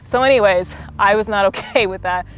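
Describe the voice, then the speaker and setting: A young woman talks viewers through a stretching workout and breaks into an animated travel story between cues. Her voice sits at a mid pitch, chatty and conversational, and soft music plays faintly behind her. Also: fairly quick, muffled recording. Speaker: fitness instructor. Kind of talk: casual storytelling while leading a workout.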